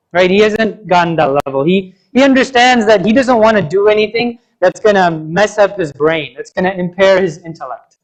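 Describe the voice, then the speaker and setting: A man's voice: sits high, poor audio. A man preaching a Friday sermon in a mosque, telling a story in a conversational way and often checking in with "right?" and "you know".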